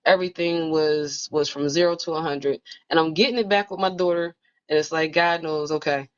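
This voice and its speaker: A woman's voice: low voice, fairly even intonation, fairly quick, clear, resonant tone. Reflective woman on muffled lo-fi audio. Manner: reflective, storytelling. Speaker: book club member. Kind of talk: casual group conversation.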